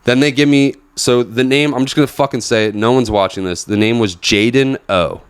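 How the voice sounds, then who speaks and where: A man's voice: medium pitch, brisk, smooth. A young man casually telling a long, profane work story on a podcast, acting out the people he quotes. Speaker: podcast host.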